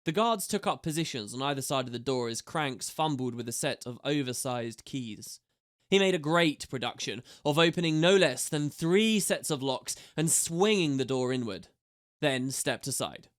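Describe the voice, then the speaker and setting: A man reading a fantasy audiobook aloud with steady, measured narration. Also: medium pitch.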